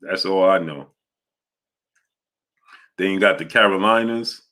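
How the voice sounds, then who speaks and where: New guy hosting a sports stream, deep but punchy voice, rambly, lots of uhs, shouting out chat names. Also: a little slow. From New York. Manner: rambling, greets chat viewers by name, many filler sounds. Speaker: sports show host. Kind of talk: casual livestream chat.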